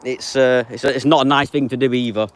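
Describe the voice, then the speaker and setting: A man's voice: medium pitch, fairly even intonation, a little fast, slight background noise. Chatty man in his thirties. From England. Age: 30s. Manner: reads out viewer names and answers them offhand. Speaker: live streamer. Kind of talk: casual live-stream chat.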